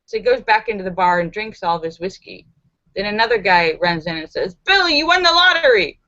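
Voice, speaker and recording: A woman's voice: lowish voice, a little fast, a bit bright, dry recording. A woman hosting a live stream, reading out viewer jokes and laughing at the punchlines. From Los Angeles. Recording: dull, dry home recording.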